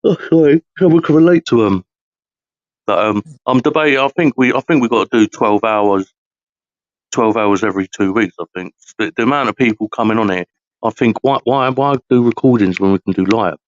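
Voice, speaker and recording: A man's voice: fairly low pitch, fairly quick, dry recording, muffled recording. A man from hosting a long live podcast, chatting casually in a tired, rambling, slangy way. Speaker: podcast host. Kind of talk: casual late-night chat.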